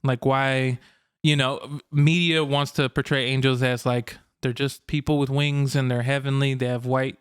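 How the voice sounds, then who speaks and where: A man's voice: mid-range voice, level tone, normal speed, clean tone, no room sound, studio quality. A man hosting a casual podcast, laid-back and rambling, laughing often between thoughts, recorded in a home podcast room. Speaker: podcast host. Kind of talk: casual chat.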